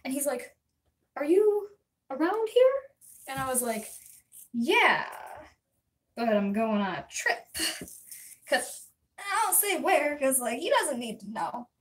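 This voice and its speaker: A young adult woman livestreamer telling a story to her chat in a rambling, chatty way, full of quick asides. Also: high voice, lively intonation, a bit bright. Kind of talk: casual storytelling to live chat. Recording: voice a bit distant from the mic.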